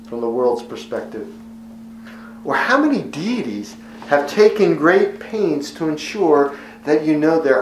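A man preaching an expository sermon as pastor, teaching in a measured, earnest way and driving points home by repeating them. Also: medium pitch, echoey room, a little hiss or hum, low-quality recording.

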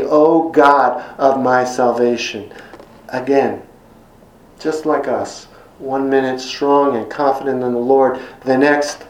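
A middle-aged man preaching a sermon in an earnest, emphatic way, slowing down and repeating words when quoting scripture. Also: a little high, a little mellow, echoey room, low-quality recording. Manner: earnest, emphatic repetitions, slows for scripture quotes. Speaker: pastor.

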